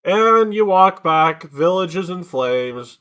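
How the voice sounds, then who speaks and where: A man narrating as game master for a tabletop game on a voice call, wry and lively. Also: high-pitched, takes it slowly, clean tone.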